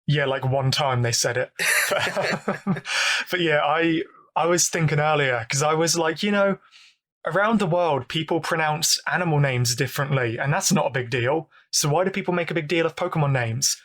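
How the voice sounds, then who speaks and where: A young man with a British accent and a fairly high voice, chatting as a podcast guest. He talks in an easygoing, self-deprecating way and laughs along often. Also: moderate pace, fairly bright tone. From England. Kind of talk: casual chat.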